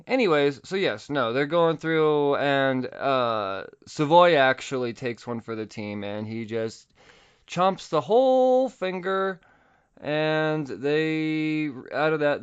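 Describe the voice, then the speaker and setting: A man hosting a podcast, casually recapping a comic book with profanity and quick voice impressions. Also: medium pitch, smooth, lo-fi sound. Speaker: podcast host.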